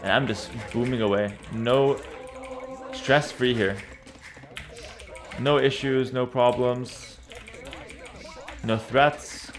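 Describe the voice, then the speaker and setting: A man casually commentating his own strategy game as he plays, relaxed and confident, often repeating and slurring his words. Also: mid-range voice, slow pace, long pauses. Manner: stumbles, repeats and slurs words. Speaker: streamer playing a strategy game. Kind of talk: casual live gameplay commentary.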